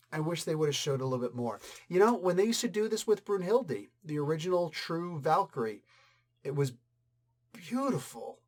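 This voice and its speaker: A man's voice: fairly high pitch, darkish tone. A middle-aged man giving a casual spoken comic book review, thinking aloud and reacting as he reads.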